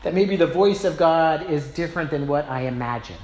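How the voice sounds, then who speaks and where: A man's voice: a little high, fairly quick, darkish tone. A man preaching a sermon as a pastor, telling stories in a personal, self-deprecating, conversational way, recorded in a church. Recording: roomy echo, faint background noise.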